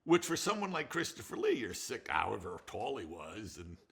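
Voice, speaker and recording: An older man, a film director, wanders through profane, laugh-filled stories in an interview, often starting over. His lowish, gravelly voice swings hugely in pitch at a moderate pace, sounding a bit bright and slightly rough.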